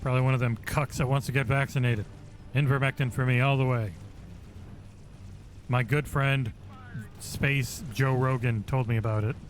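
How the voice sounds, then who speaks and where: Excitable swearing man streaming a game. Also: mid-range voice, normal speed, long pauses, a little hiss or hum. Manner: excitable, swears freely, talks to chat. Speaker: charity livestream gamer. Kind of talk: casual game-stream commentary. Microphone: headset. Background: game music.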